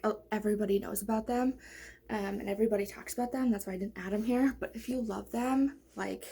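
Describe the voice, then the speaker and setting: A woman's voice: on the high side, warm tone, slight background noise. A young woman chatting casually about books she loves, rambling with lots of fillers and restarts. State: out of breath. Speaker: book vlogger. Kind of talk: casual book review chat.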